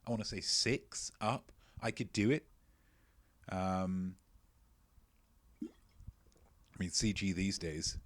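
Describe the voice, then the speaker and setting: A man's voice: deep voice, takes it slowly, pauses often, no room sound. A man hosting a live-streamed quiz, joking playfully and mocking himself as he rambles, often stumbling and repeating his phrases. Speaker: quiz host.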